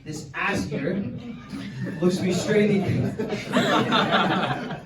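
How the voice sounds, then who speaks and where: The recording is very noisy, picked up from far off with roomy club sound and audience laughter behind it. A young Canadian stand-up in his twenties rambles through a crude set full of fillers, his high-pitched voice moving very slowly.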